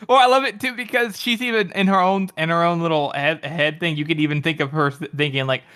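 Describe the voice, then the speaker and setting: A man's voice: fairly high pitch, steady tone, fast, sharp tone, clear, resonant tone. A man co-hosting a podcast, chatting about a book with playful, laughing commentary. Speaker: podcast co-host. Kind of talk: casual book discussion.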